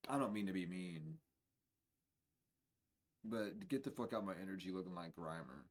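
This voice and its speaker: A man giving a spiritual reading on a livestream in a casual, profane way, dropping to low mutters and then bursting out loud and laughing. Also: animated, normal speed. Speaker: spiritual reader.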